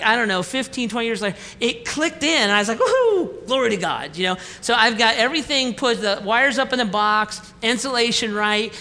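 A man preaching a sermon, telling a comic family story with acted-out dialogue, then slowing down for the lesson. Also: high-pitched, bright, forceful tone. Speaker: pastor. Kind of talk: sermon with a humorous personal story. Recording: reverberant hall with faint room noise.

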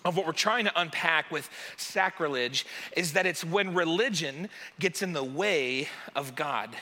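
Man, pastor, casual sermon, very bright tense tone, long hall reverb. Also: fairly high pitch, unhurried. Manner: chatty, joking, animated asides.

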